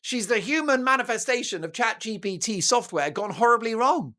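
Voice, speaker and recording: British male talk host, mocking and theatrical, lively swings in pitch, bright voice. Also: moderate pace. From Britain. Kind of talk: opinionated news commentary.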